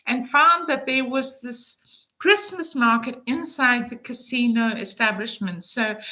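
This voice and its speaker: A woman's voice: on the high side, bright, forceful tone, poor audio. A woman in her fifties telling a travel story to camera in a chatty, enthusiastic way, with frequent fillers. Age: 50s. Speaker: travel vlogger.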